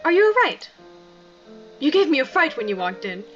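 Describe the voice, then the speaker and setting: A woman doing a soft-spoken shy young man with a British accent. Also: sits high, sing-song, normal speed, lo-fi sound, soft background music, voice pushed up. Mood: gentle. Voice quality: soft, gentle.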